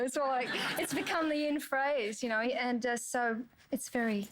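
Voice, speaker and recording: A woman's voice: fairly high pitch, moderate pace, hardly any pauses, noisy background. A woman in her thirties with an Australian accent, answering interview questions in a chatty way and laughing easily. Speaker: interviewee, singer and actress.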